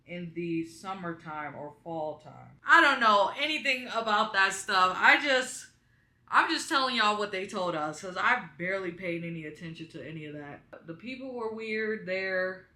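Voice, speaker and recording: A woman's voice: on the low side, pushed and bright, echoey room. A young woman vlogging at home, chatting and rambling to her viewers while she does her makeup in front of the camera. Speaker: beauty vlogger. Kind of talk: casual storytime chat while doing makeup. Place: small room at home by a window with blinds.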